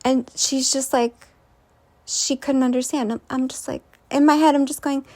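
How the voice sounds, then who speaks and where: High-voiced woman telling a rambling story. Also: steady tone, normal speed, a little mellow. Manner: rambling, many fillers and restarts. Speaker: vlogger. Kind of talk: casual storytelling.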